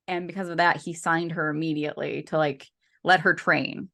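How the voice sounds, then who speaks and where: A woman's voice: fairly low pitch, fairly even intonation, a little slow, sharp tone. A woman co-hosting a podcast, chatting casually and rambling with lots of fillers and restarts. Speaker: podcast co-host.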